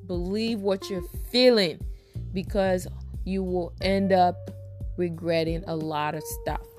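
A woman's voice: on the low side, steady tone, slow pace, darkish tone, soft background music. A woman hosting a self-help podcast, talking casually and emphatically to her listeners, repeating phrases for stress. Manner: talks straight to listeners as "you guys". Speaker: podcast host.

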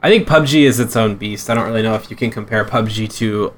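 Casting: male co-host, mid pitch, easygoing explainer, faint ambient noise behind him. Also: fast talker. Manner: laid-back, explains games in detail. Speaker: podcast co-host. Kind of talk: casual gaming chat.

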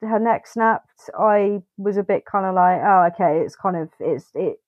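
A woman's voice: medium pitch, a little slow, dry recording. Swearing woman, dull dry sound. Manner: swears freely, acts out quoted reactions. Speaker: podcast co-host. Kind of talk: casual film review chat.

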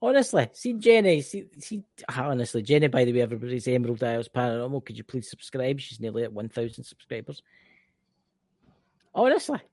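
Mid-range and fairly quick, this man's voice comes through with no echo. Co-hosting a podcast, the Scotsman chats casually and animatedly, exclaiming plenty and restarting often.

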